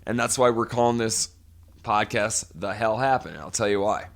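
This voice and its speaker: Rambling, gravelly-voiced man swearing freely. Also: fairly low pitch, moderate pace. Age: 40s. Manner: profane, rambling storyteller. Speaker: podcast co-host. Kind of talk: casual podcast chat.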